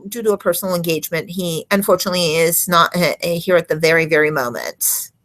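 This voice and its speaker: A woman hosting an interview show, halting and filling pauses with uh. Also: on the low side, fairly bright tone, rough recording. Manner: halting, with many fillers. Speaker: show host.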